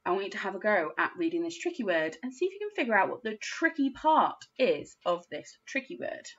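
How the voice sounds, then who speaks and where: A woman's voice: mid-range voice, very animated, brisk, a bit bright. A woman teaching a phonics lesson to young children, sounding out words letter by letter. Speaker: primary school teacher. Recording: dull lo-fi sound.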